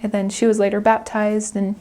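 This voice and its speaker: A woman's voice: mid-range voice, completely flat delivery, fairly quick, dark tone. A young adult woman, a returned missionary, speaking earnestly and chattily in an interview and often breaking into laughter. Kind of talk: interview reflection.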